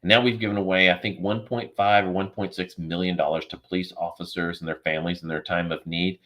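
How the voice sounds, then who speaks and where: A man's voice: deep voice, level tone, quick pace, bright, forceful tone. A man guest on a podcast over a video call, telling an earnest, emotional story and acting out the dialogue. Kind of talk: storytelling in a remote interview.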